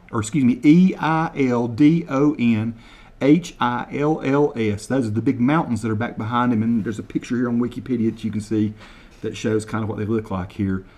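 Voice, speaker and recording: A man from the United States hosts a casual comedic video, talking straight to his viewers in a mid-pitched, ordinary voice. He slowly repeats phrases word by word, sometimes spelling words out letter by letter. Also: a little mellow. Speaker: video host. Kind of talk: casual comedic talk to camera.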